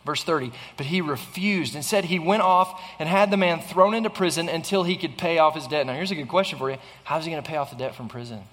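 A man's voice: on the high side, fast talker, hardly any pauses, a bit bright. Earnest preaching man in a reverberant hall. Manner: earnest preaching with frequent restarts and rhetorical questions. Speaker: pastor. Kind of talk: sermon.

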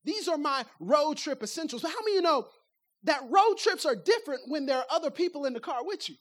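A woman with a high voice preaches a sermon like a conversation. She throws rhetorical questions at her listeners and slips into acted-out bits of everyday talk, laughing now and then between points. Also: lively intonation, quick pace. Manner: acts out everyday speech to make points.

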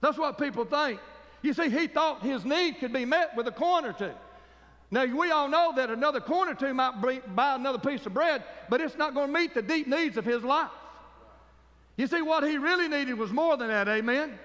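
A man's voice: very high-pitched, expressive, moderate pace, a bit bright, in a large hall. A man preaching a fervent sermon as pastor, calling for amens from the congregation.

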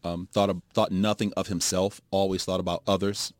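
A man's voice: low-pitched, flat delivery, fairly quick, dry recording, clean studio sound. A man co-hosting a casual sports talk show, full of loose joking banter. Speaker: co-host.

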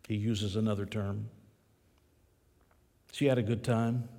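A male pastor delivers a fiery sermon in a large church hall, unhurried and flat in delivery. He dramatizes a story with big swings in pitch and volume.

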